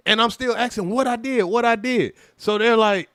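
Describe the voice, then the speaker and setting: Animated profane man telling a story. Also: very high voice, moderate pace, dry recording, studio quality. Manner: animated, profane, acts out quoted voices loudly. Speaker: livestream host telling a personal story. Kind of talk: casual livestream storytelling.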